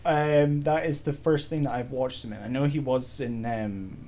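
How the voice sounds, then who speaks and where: A man's voice: mid-range voice, steady tone, moderate pace, dark tone. A young man on a podcast in casual chat, easygoing and a little hesitant. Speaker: podcast co-host.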